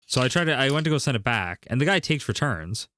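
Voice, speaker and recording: A man's voice: medium pitch, very animated, quick pace, bright, forceful tone, a little hiss or hum. A man streaming, telling a story in casual chat, rambling and full of fillers.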